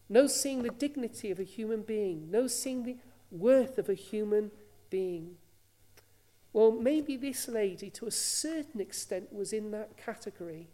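A woman's voice: mid-range voice, mellow. A woman preaching a sermon, telling a story earnestly and asking rhetorical questions.

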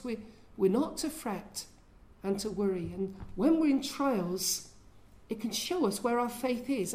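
A woman's voice: medium pitch, darkish tone. A woman preaching a sermon in an earnest way, often asking her listeners questions.

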